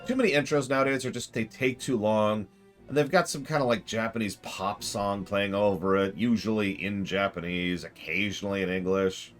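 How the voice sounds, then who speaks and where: A man streaming a game, chatting casually with viewers in a sarcastic, excitable way and swearing now and then. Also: fairly low pitch, normal speed, soft background music.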